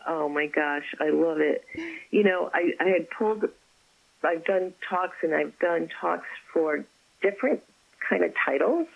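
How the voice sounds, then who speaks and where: A woman, an author, chatting as an interview guest and telling stories about her faith with effusive warmth. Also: fairly low pitch, a little slow, gravelly, highs cut off. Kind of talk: casual interview chat.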